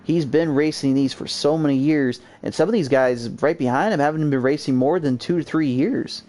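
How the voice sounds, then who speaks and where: A young man calling a sim racing league race, energetic, his voice jumping up when cars spin out. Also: normal speed. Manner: energetic, jumps high on crashes. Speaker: race commentator. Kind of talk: excitable sim racing play-by-play. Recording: noisy amateur stream audio.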